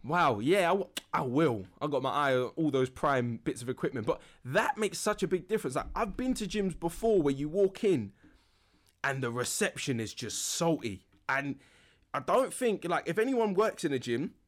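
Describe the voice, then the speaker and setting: A young man hosting a relaxed solo podcast, rambling with lots of fillers and laughing now and then. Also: on the high side, normal speed. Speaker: podcast host.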